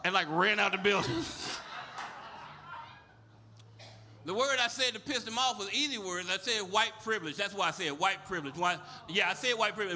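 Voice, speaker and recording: A man's voice: high-pitched, bright, forceful tone, a little hiss or hum. A man doing a stand-up comedy set on a club stage, brash, profane and full of stories. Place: comedy club stage before a live audience.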